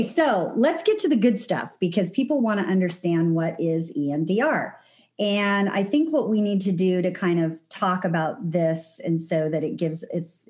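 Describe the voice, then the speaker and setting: A woman's voice: on the low side, a little mellow. A woman hosting a podcast, talking casually with a friend in a chatty way with fillers and restarts, from Southern California. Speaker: podcast host.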